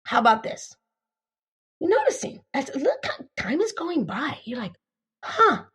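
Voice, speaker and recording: A woman's voice: high-pitched, wildly swooping pitch, normal speed. A woman dating coach on an interview show, teaching emphatically through acted-out stories, repeating herself and swearing casually. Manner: emphatic, repeats herself, acts out quoted voices.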